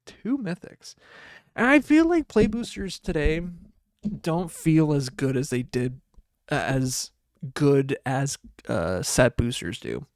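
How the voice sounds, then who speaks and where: A young man hosting a podcast, chatting casually and excitedly as he opens card packs and reads the cards aloud. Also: a little high, slow, no room sound, studio quality. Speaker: podcast host. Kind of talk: casual card pack opening chat.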